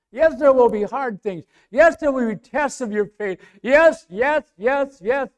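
A high-pitched man gives a sermon in a conversational style, questioning the congregation. He moves from hushed asides to loud, emphatic moments.

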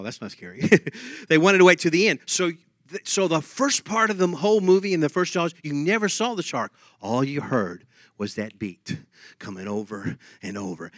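A man preaching a lively sermon, humming tunes and laughing as he talks. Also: on the high side, no room sound, clean studio sound.

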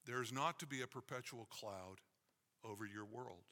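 Emphatic preaching man, bright voice. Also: mid-range voice, normal speed. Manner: emphatic, repetitive preaching cadence. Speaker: pastor. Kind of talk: sermon. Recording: long reverb of a large hall.

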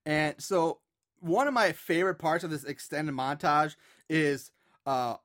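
Chatty man with a higher voice. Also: unhurried, a bit bright. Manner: chatty, rambling, laughs often. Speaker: podcast co-host. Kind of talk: casual film discussion.

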